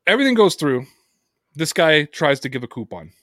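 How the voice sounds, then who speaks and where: A man's voice: fairly high pitch, brisk, no echo, clean studio sound. A man hosting a podcast, telling a story in casual chat, swearing freely and acting out what others said. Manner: animated storyteller, swears freely, acts out quotes. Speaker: podcast host.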